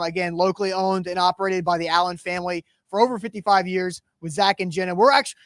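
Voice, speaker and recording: Man, sports talk host, high voice, dry close sound, energetic casual chat. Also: no room sound. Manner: energetic, chatty, reads sponsor plugs.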